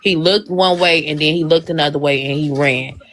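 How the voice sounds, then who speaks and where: Low-voiced woman guest. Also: normal speed, fairly bright tone, slight background noise. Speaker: stream guest.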